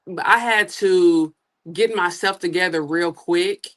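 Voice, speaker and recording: A woman's voice: fairly low pitch, measured pace. A woman from Kentucky with a Southern accent, a guest sharing her faith testimony in an earnest, candid way. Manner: earnest, candid, emphatic repetition. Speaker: interview guest. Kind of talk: casual testimony.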